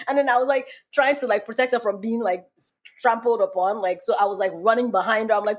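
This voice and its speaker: A young woman from Nigeria hosting a podcast, chatting casually and telling an animated story, laughing often. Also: medium pitch, fast. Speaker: podcast host. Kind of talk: casual chat.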